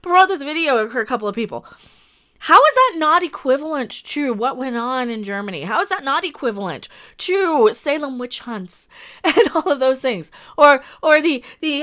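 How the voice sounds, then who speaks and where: Brief: exasperated woman, high sharp voice, angry swearing rant. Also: very animated, moderate pace. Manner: angry, exasperated ranting with heavy swearing and repetition. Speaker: YouTube commentator. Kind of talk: ranting commentary video.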